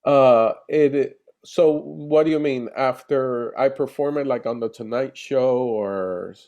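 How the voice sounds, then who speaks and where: A man, a comedian, chatting casually in an interview over a video call, animated and rambling with restarts. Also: medium pitch, slow, dull audio. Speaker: comedian guest.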